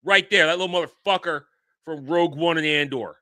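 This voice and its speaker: A man hosting a commentary show, ranting angrily and swearing, sometimes shouting. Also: fairly high pitch, fairly quick. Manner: angry, profane, shouting rants. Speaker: show host.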